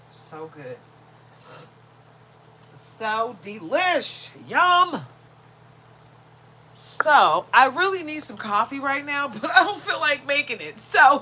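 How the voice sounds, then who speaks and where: A woman's voice: on the low side, pushed and bright, slight background noise, low-quality recording. A woman vlogging at home, cooing baby talk to her dogs and chatting to viewers. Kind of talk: casual chat with pets and viewers.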